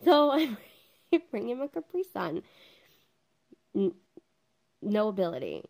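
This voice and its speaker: A woman's voice: mid-range voice, slow, creaky. Chatty woman telling a story. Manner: chatty, swears freely, animated quoting. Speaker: vlogger. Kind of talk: casual storytelling. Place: home.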